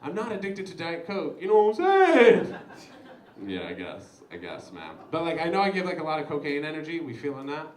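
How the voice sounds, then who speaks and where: A young man doing stand-up at a live comedy show, his voice high and bouncing all over the place. He talks straight to the crowd in an animated, chatty way, and the room sounds big and echoey around him. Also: fast talker, hardly any pauses. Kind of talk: stand-up set with crowd work.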